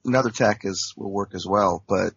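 A man's voice: fairly low pitch, moderate pace, gravelly, a bit bright, slightly rough, dry recording. A man at a tabletop game over a call, rambling and hedging with fillers, in lo-fi call audio. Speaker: player.

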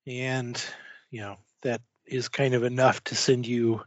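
A man narrates a tabletop horror game as game master. He talks slowly and haltingly, padding his lines with fillers. His voice is dry and close, with dull lo-fi sound. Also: medium pitch, fairly even intonation, vocal fry, a bit bright, dry recording.

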